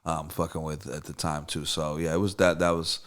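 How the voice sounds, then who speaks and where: Fairly quick and flat in delivery, this bass-voiced man, a songwriter and producer, guests on a casual interview. He wanders loosely, swears, restarts sentences, and leans heavily on fillers.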